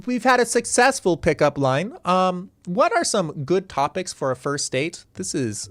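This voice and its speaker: A man's voice: on the high side, lively intonation, normal speed, few pauses, a bit bright, dry recording. A man hosting a livestreamed comedy game show, reading answers aloud with a chuckle and a playful tone.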